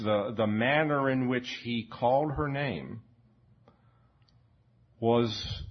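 A man preaching a sermon in a slow, reflective way, often repeating words and pausing with fillers. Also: lowish voice, breathy edge. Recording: dull lo-fi recording.

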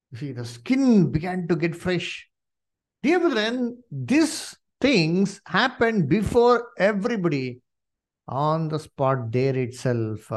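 A man preaching a sermon to his congregation, asking rhetorical questions and filling pauses with "you see" and "uh". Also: a little high.

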